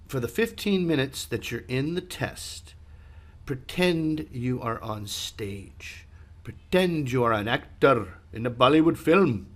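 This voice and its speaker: A man's voice: medium pitch, fairly bright tone. A man, an English teacher, giving conversational spoken feedback to a student, with many ums and uhs, and stressing words to show how it's done. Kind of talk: online speaking feedback lesson.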